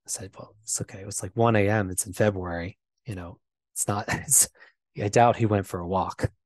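A man who is an interview guest, telling a personal story in a halting way, with many fillers and repeated words. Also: lowish voice, steady tone, no room sound.

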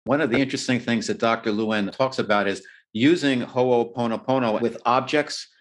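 A man's voice: mid-range voice, steady tone, a little fast. A man hosting an interview, asking thoughtful questions in hesitant, searching phrasing. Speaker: interviewer, host.

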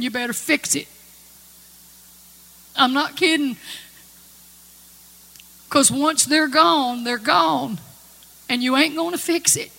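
A woman's voice: high-pitched, gravelly, sharp tone. A woman giving earnest, folksy spoken testimony to a congregation in a hall. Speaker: gospel singer giving testimony. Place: church or conference hall. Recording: long-reverb hall with music.

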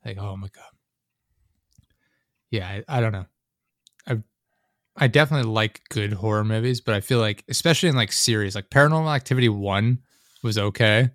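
Young man, casual rambling chat, animated, dry close sound; acts out scenes. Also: on the low side, brisk, pauses often, no echo.

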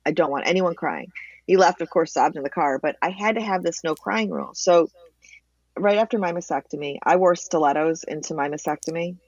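A woman guest in a candid interview, telling her own story with animated, emotional storytelling. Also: fairly low pitch, brisk, dry recording, lo-fi sound. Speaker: interview guest, cancer advocate.

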